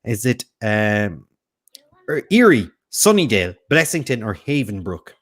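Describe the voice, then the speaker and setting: A man's voice: fairly low pitch, sing-song, a little slow, a bit bright. A man hosting a casual quiz, reading out questions and answer options and riffing on them with jokes. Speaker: quiz host.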